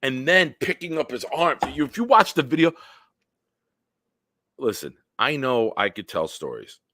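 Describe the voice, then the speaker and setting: A man hosting a casual solo livestream, telling stories in a rambling, animated way with big swings in loudness. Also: mid-range voice, unhurried, no room sound, studio quality. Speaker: livestream host.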